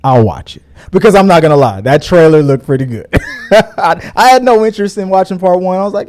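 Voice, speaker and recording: A man's voice: sits high, expressive, fairly quick, darkish tone. A man co-hosting a casual movie podcast, joking and laughing often as he talks. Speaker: podcast co-host. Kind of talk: casual chat.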